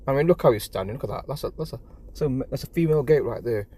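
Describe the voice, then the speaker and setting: A man's voice: mid-range voice, lively intonation, very fast, dark tone. A man with an English accent chatting casually on a live stream from his phone, stumbling over his words and repeating himself. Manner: stammering, repeats words, rambling and apologetic.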